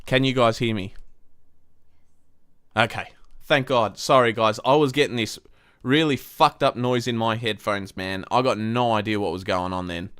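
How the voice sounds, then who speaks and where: A man with a fairly low voice and moderate pace hosts a live-stream footy review, ranting in frustration and swearing a lot. He's excitable, his pitch leaping up when he gets worked up, and the studio audio is clean and echo-free.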